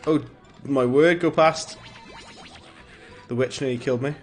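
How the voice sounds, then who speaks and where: A man chats loosely while he plays, drifting between the game and tangents and laughing at his own jokes. His voice sits at an ordinary middle pitch. Game music plays faintly underneath. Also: unhurried. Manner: chatty, rambling, chuckles at his own jokes. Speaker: gaming streamer. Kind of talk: casual gameplay commentary.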